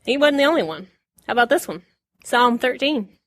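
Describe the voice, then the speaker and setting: A woman giving a casual Bible lesson, chatty and quick to laugh, acting out the lines she quotes. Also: a little high, sing-song, fairly bright tone. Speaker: Bible teacher.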